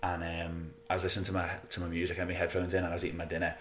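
A man's voice: low-pitched, monotone, very fast, echoey room, slight background noise. A British man chatting as a podcast guest, telling a travel story in a self-mocking, laughing way. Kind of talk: casual storytelling.

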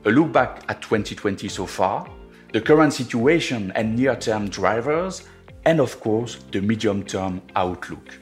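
A middle-aged man with a French accent, hosting a podcast and delivering scripted, measured commentary on investments. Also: on the low side, animated, faint music behind. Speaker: podcast host, investment officer.

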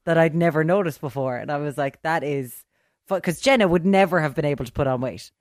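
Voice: medium pitch, dry recording, studio quality. A podcast co-host chatting casually and chiming in with quips. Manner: chatty, quick to chime in with quips.

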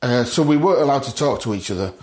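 A middle-aged man tells his story as a podcast guest, with a voice of ordinary pitch for a man. He acts out other people's lines and chuckles often as he goes. The room around him gives his voice a noticeable echo. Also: lively intonation, fast, darkish tone. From north of England. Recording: roomy echo.

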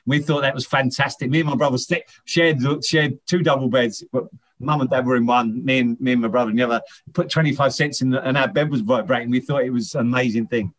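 A man's voice: mid-range voice, fairly even intonation, fast talker. A middle-aged man, a former footballer, chatting as an interview guest, telling rambling anecdotes with many restarts. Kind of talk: casual interview chat.

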